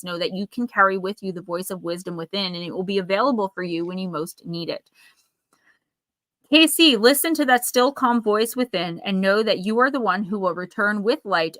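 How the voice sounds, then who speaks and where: A woman's voice: medium pitch, no echo, low-quality recording. A woman giving an intuitive oracle card reading on a live stream, chatting and reading card meanings aloud. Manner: chatty, reads card text aloud softly.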